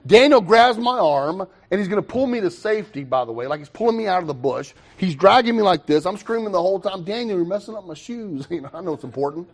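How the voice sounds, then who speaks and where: A young man telling his own recovery story to a meeting, animated, with quick asides and self-mocking humor. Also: sits high. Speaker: recovery speaker.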